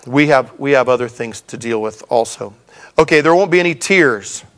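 A man's voice: mid-range voice, expressive, moderate pace, fairly bright tone. A middle-aged man preaching a sermon in a conversational way, with humorous asides to the congregation. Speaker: pastor.

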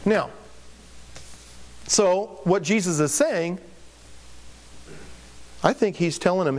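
A man preaches a sermon in a chatty, joking way, talking to his congregation as a pastor. His voice sits a little higher than most men's. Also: takes it slowly, pauses often.

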